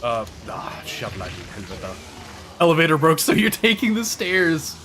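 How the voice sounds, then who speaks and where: Streaming a game, this man chats casually with his viewers, walks through tactics, and swears occasionally. His fairly high, slightly bright voice swings hugely in pitch at a moderate pace. Game music plays, and there's slight background noise.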